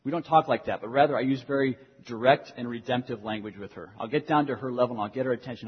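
A man's voice: mid-range voice, fast talker, hardly any pauses, breathy edge. A young man preaching a sermon as a pastor, earnest, repeating key phrases for emphasis. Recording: dull lo-fi sound in a reverberant hall.

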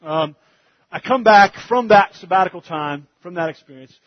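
A man preaching, telling a family story in an animated way that gets loud and fast in the funny parts. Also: sits high, dull audio. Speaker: pastor. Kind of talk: sermon storytelling.

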